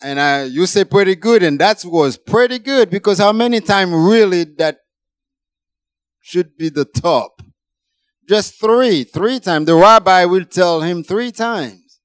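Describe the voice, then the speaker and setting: A man preaching a sermon, emphatic, rising high for emphasis and then dropping low. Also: lively intonation, a little slow, clean tone, dry recording.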